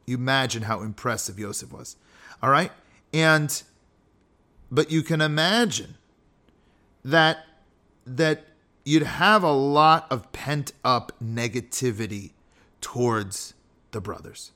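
A man's voice: medium pitch, slow pace, long pauses, bright, forceful tone. Chatty man teaching on a podcast. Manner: chatty, self-deprecating asides and rhetorical questions. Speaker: podcast host. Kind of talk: casual religious teaching.

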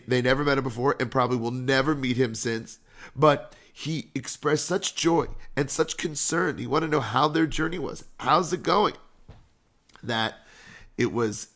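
Conversational rabbi telling a story. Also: male voice, mid-range voice, a bit bright. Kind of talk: storytelling sermon.

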